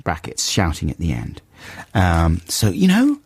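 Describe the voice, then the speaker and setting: A man hosts a radio show and talks in a lively, mock-outraged manner that swings widely in pitch. His voice sits fairly low, and the studio sound is close and dry. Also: a little slow, creaky, slightly rough, no echo. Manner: animated, mock-outraged, chuckling. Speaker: radio host. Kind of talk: casual radio banter.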